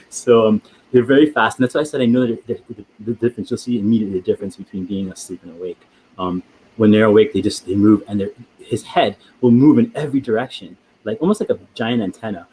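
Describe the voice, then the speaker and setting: A man presenting animals on a live educational show, excitable, stammering and often laughing. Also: fairly low pitch, a little hiss or hum, poor audio.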